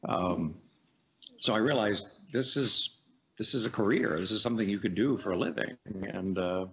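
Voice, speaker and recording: Deep-voiced man telling career stories. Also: moderate pace. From United States. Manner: chatty, animated anecdotes with playful voice impressions. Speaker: voice actor guest. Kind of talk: casual interview storytelling.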